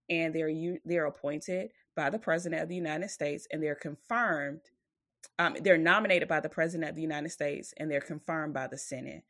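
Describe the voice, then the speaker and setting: This low, slightly bright female voice comes through with no room sound and studio-grade quality. She's a podcast co-host chatting casually, wandering from point to point, leaning heavily on "like" and "or whatever," and swearing bluntly once a rant gets going.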